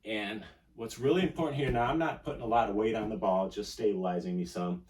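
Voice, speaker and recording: A man's voice: lowish voice, quick pace, darkish tone. A man instructing a home strength workout, talking through each move while he exercises. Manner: coaching, talks while exercising. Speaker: fitness instructor. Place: indoor home room. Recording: echoey room, distant mic.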